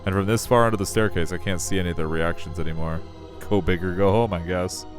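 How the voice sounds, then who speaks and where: A man's voice: deep voice, fairly even intonation, fast talker. A man reading a visual novel aloud, wry and self-deprecating as the narrator. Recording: faint music behind.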